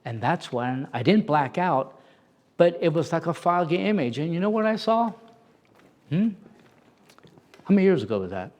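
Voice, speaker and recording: Animated middle-aged male storyteller. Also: a little high, moderate pace, pauses often. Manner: animated, acts out quoted voices loudly. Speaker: interview guest, former prison officer. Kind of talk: storytelling in a conversation.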